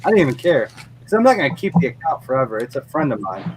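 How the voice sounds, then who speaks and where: A man's voice: medium pitch, very animated, quick pace, noisy background. A middle-aged man who runs a lawn mowing business, telling a blunt, profane story in a casual podcast chat.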